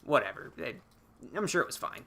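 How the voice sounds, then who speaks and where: A man's voice: fairly high pitch, very animated, brisk, creaky, bright, forceful tone. A young man on a podcast, recapping a film in a rambling, casual way, swearing freely. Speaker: podcast co-host.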